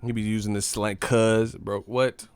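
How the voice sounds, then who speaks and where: A man's voice: mid-range voice, animated, normal speed, no room sound, soft background music. Profane mocking man ranting. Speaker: boxing channel host. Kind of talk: casual live-stream rant.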